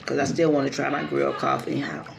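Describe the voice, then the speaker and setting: A woman's voice: very deep voice, sing-song, a little fast, creaky. A woman hosting a casual food vlog, chatting easily with frequent murmured agreement. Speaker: vlog host. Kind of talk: casual chat during a food video. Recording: roomy recording with crowd noise.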